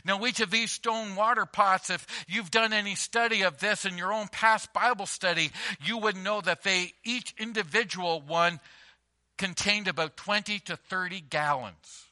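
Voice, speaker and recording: A man's voice: sits high, moderate pace, sharp tone. A male pastor preaching a sermon to a congregation, emphatic and conversational, telling everyday stories with repeated phrases. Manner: emphatic, conversational storytelling with repetitions. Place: church before a congregation.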